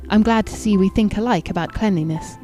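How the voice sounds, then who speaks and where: A woman reading the lines of a stately old lady in her seventies, bland and sweetly benevolent, in her own mellow voice. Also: mid-range voice, a little fast, soft background music, close to an everyday voice. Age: 70s.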